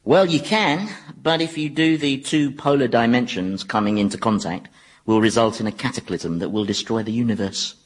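A man's voice: medium pitch, normal speed, lightly acted. An actor playing a sly, world-weary male devil in a radio comedy, drawling and mocking. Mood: wry.

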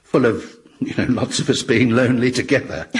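An actor playing an awkward, gentle male ghost in a radio comedy, speaking haltingly and apologetically. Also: mid-range voice, lightly acted. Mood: tender.

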